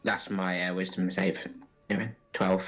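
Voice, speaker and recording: A man's voice: sits low, little pitch movement, moderate pace, a bit bright, dull audio. A man playing a tabletop game, talking hesitantly and swearing at his dice rolls. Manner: hesitant, full of ums and swearing. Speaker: player. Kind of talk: casual tabletop game chat.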